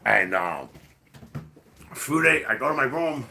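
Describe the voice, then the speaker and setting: Male podcast host, forceful and animated, rambling casual storyteller. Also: mid-range voice, unhurried, vocal fry, a little hiss or hum. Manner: profane, rambling, full of fillers.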